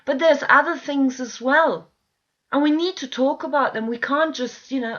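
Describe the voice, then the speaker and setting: A woman's voice: high voice, normal speed, fairly bright tone. A middle-aged woman ranting straight to camera, pleading and exasperated, swearing often. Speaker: vlogger. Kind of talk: emotional direct-to-camera rant. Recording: dull lo-fi home video sound.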